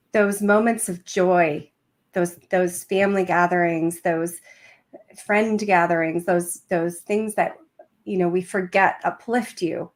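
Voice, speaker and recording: A woman host with a slightly low voice, speaking over a video call. She reflects back on what her guest has said and keeps the talk going with short, supportive affirmations. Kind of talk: live interview hosting.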